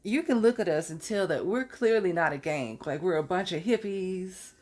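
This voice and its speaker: This vlogger, a young adult woman, reminisces about college in a relaxed, talkative way and now and then laughs at what she's telling. She speaks at a moderate pace in a fairly low, slightly mellow voice.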